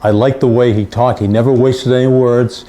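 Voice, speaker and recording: A man's voice: mid-range voice, steady tone, moderate pace, mellow. An older male sports reporter recounting stories in an anecdotal way, repeating phrases for emphasis. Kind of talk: storytelling.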